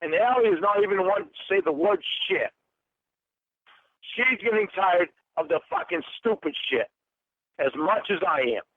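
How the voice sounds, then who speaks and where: Angry man, very high voice, foul-mouthed and accusing, tinny phone-call audio. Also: expressive, normal speed, no echo. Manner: angry, accusing, swears constantly. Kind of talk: heated phone argument. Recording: tinny phone line recording.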